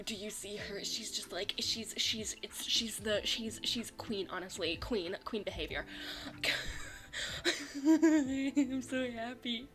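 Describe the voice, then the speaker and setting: A woman streaming a visual novel at home, reading the story aloud and reacting with excited cheers, giggles and rambling asides. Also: mid-range voice. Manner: rambling with frequent restarts and playful self-mockery.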